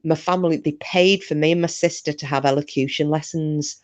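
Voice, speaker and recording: A woman's voice: low-pitched, steady tone, brisk, no echo. A woman with a Northern English accent, originally from Scotland, hosting a casual chat and telling rambling stories with the odd swear word. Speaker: host.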